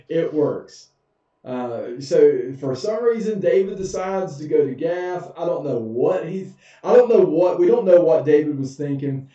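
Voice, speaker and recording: A man's voice: a little high, lively intonation, unhurried, dark tone. A man, a pastor giving a casual, humorous Bible study in a church sanctuary. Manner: folksy, humorous, chuckles often. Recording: echoey, dull, far from mic.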